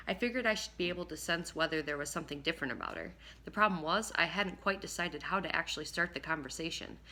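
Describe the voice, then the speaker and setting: A woman narrating a first-person audiobook in a lively, expressive way, now and then slipping and rereading a line. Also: sits low. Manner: lively, expressive reading with occasional slips and rereads.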